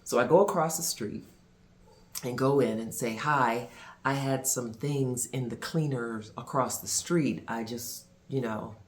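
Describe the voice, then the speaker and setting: A man vlogger and minister telling a personal story to camera, with dramatic pauses and expressive delivery. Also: mid-range voice.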